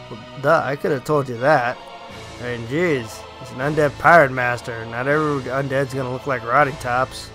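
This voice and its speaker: A man's voice: mid-range voice, steady tone, normal speed, music in the background. Young man joking over gameplay. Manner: joking, rambling asides. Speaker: let's play host. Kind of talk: gameplay commentary.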